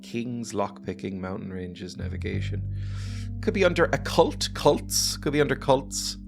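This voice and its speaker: A man's voice: fairly low pitch, big pitch swings, unhurried, vocal fry. A man playing a game and chatting casually, joking and laughing as he goes. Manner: chatty, jokey, laughs often. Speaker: let's play gamer. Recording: music playing behind.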